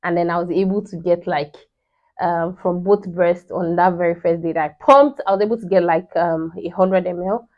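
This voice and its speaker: A woman's voice: on the low side, steady tone, moderate pace. A young woman, telling a personal story in a chatty vlog, full of "you know" and restarts. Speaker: vlogger. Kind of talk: casual storytelling. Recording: slightly dull lo-fi sound.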